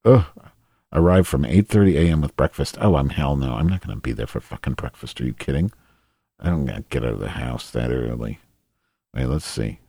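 A man's voice: very deep voice, brisk, gravelly, dark tone, slightly rough, no room sound, studio quality. A man hosting a solo podcast in a rambling, profane, self-deprecating monologue. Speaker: podcast host.

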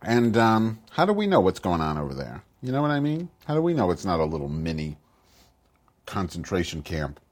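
A man's voice: low-pitched, wildly swooping pitch, a little fast, full character voice. A man voicing a cranky, foul-mouthed middle-aged woman who hosts a podcast and grumbles through profane, rambling rants in a comic monologue. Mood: grumpy. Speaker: podcast host.

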